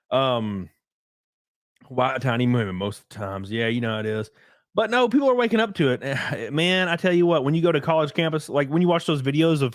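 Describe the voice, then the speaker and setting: A man's voice: mid-range voice, dry recording, studio quality. A man hosting a casual solo livestream, rambling and crude, often laughing as he reads out chat comments. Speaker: livestream host.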